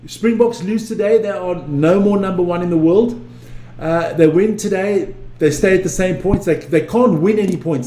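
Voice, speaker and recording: A man's voice: high-pitched, mellow. A man casually chatting on a live stream, rambling, repeating himself and swearing freely as he reads viewer comments. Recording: echoey room with faint ambient noise.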